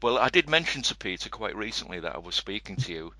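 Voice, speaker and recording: A man with an East Yorkshire accent co-hosts the show, bantering in a jokey, friendly way. His voice is low but bright and forward, and the sound is close and dry. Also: big pitch swings, fast, no room sound. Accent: East Yorkshire, Hull. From England. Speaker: co-host. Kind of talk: casual chat.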